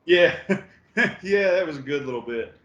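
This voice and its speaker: A man co-hosting a podcast, talking haltingly with many fillers and acting out characters in mock voices. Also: on the high side, lively intonation, fairly bright tone, reverberant, muffled recording. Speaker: podcast co-host. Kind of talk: casual film review chat.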